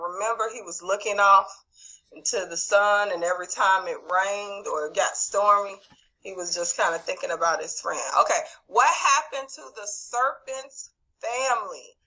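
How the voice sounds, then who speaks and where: Bright-voiced teacher on a video call. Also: female voice, medium pitch, normal speed, poor audio. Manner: encouraging, calls on students by name. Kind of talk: online class quiz review.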